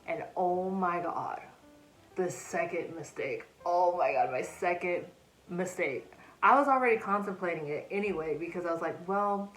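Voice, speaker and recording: A woman's voice: on the low side, normal speed, fairly bright tone, reverberant, faint music behind, rough recording. A young woman in a casual storytelling vlog, chatting animatedly and acting out quoted asides, recorded on a phone. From United States. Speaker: vlogger. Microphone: phone camera.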